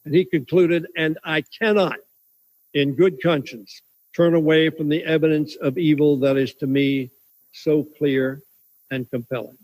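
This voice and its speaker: A man, a congressman, giving a measured, solemn formal floor speech. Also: fairly high pitch, steady tone, a little mellow, no echo, poor audio.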